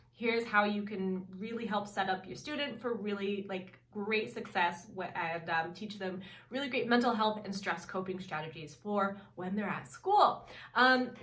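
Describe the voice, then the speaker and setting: A woman's voice: mid-range voice, a bit bright. A woman in her thirties, a parenting coach giving casual advice, earnest and leaning on "really" for emphasis. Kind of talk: casual advice talk to camera. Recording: roomy sound, mic at a distance.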